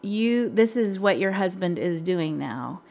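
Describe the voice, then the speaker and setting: A woman's voice: fairly low pitch, animated, unhurried, a little mellow. A middle-aged woman, a pastor's wife and co-host, sharing personal stories in a candid, reflective way. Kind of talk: casual chat.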